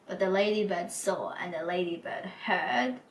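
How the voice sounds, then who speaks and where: A woman hosting a book club episode, reading a children's picture book aloud in a gentle storytelling manner. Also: fairly low pitch, normal speed, distant mic, slight background noise, low-quality recording. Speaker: storybook reader.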